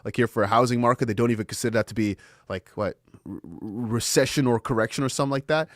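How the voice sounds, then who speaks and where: A man hosting a crypto news show, talking through market charts in a loose, animated way with rhetorical questions. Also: mid-range voice, fast talker, no room sound, studio quality. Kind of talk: casual market commentary.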